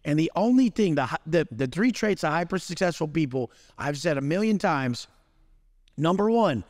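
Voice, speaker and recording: A man's voice: fairly high pitch, expressive, normal speed, darkish tone, dry recording, long reverb tail. A man delivering a profane, aggressive motivational rant as an interview guest. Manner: aggressive, swearing heavily. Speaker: guest speaker.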